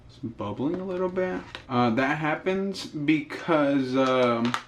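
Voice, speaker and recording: A man's voice: a little high, expressive, slow pace. A young man chatting casually through a cooking vlog, jokey and rambling, recorded on a camera mic in his home kitchen. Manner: jokey, rambling, self-amused. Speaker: cooking vlogger. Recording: echoey kitchen with cooking noise. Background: frying and sizzling.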